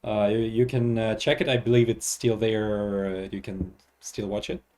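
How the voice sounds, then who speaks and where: A man's voice: lowish voice, steady tone, moderate pace, a little mellow. A man hosting a developer stream, asking questions in a casual, hesitant way with many fillers. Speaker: stream host.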